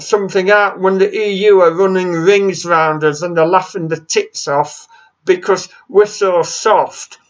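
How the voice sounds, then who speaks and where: A man's voice: high-pitched, steady tone, a little slow. A man delivering an impromptu solo rant, exasperated and mocking, swearing freely. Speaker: solo ranter. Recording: dull lo-fi sound.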